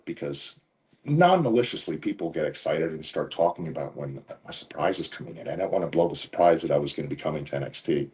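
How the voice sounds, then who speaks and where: A man being interviewed as a guest, telling relaxed stories in casual conversation and often laughing while he talks. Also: deep voice. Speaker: interview guest, professional wrestler.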